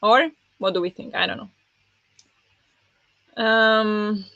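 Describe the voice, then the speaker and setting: Slow and gravelly, her medium-pitched voice has a sharp tone and fairly even intonation. As host of a book readalong livestream, she chats in a friendly, casual way, greets viewers by name, and says "um" a lot. The dull lo-fi mic recording is dry, with no room sound.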